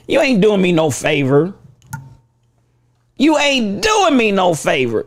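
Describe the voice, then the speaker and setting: On her livestream, a woman preaches fervently to her audience in a heated rant, her delivery lurching from shouting to quiet, muttered asides.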